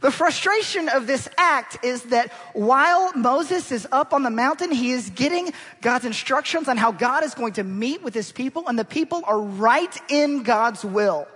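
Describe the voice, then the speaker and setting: A male preacher giving an animated, rhetorical sermon that draws his congregation in, heard in a church hall. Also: very high-pitched, moderate pace, slightly rough. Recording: long church-hall reverb.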